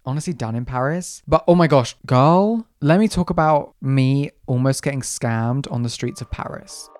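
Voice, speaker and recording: Young podcast host, gossipy storyteller, slangy and theatrical, mid-pitched voice. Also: moderate pace. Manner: dramatic, slang-heavy, swings into loud exclamations. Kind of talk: casual storytelling to listeners.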